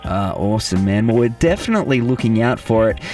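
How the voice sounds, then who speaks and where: A man's voice: fairly low pitch, expressive, fast talker, a little mellow, distant mic, soft background music. An Australian man hosting a podcast, interviewing a guest in an upbeat, casual way. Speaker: podcast host.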